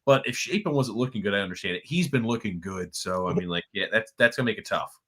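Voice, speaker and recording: A man co-hosting a sports watchalong stream, chatting excitedly and emphatically about a football game. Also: fairly low pitch, fast talker. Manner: excitable, emphatic, with repeated restarts. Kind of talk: casual sports commentary chat.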